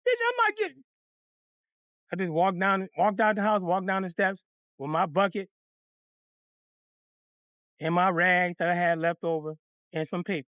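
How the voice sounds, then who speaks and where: A man telling a funny story from his childhood, cursing freely and acting out the other people's voices in a lively, animated way. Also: high-pitched, normal speed, pauses often, smooth, dry recording, lo-fi sound. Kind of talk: comedic storytelling.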